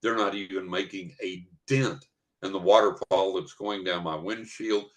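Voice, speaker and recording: An older man with a drawl and a fairly low voice tells a story as a podcast guest. He paints each scene in detail and acts out what people said along the way. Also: steady tone, normal speed. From West Texas. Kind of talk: vivid personal storytelling.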